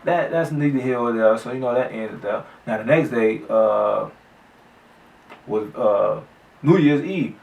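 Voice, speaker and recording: Gravelly man telling a street story. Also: medium pitch, unhurried, a little mellow, muffled recording. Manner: loose, profane street storytelling with acted quotes. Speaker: vlogger telling his own story. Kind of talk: casual story time. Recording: echoey room, mic at a distance.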